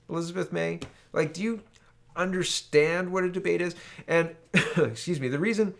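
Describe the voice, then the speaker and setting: A man from Canada giving solo political opinion commentary, exasperated and ranting, often tagging his points with "right?". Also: a little high.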